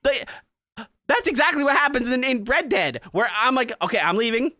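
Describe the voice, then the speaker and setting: A man's voice: extremely high pitch, expressive, moderate pace, pushed and bright, no room sound. A man co-hosting a podcast in casual chat, animatedly retelling game scenes and acting out the characters' lines. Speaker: podcast co-host.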